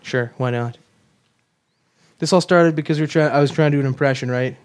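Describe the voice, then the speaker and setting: A man's voice: mid-range voice, fairly quick. A man hosting a casual chat, joking and laughing often as he steers the talk.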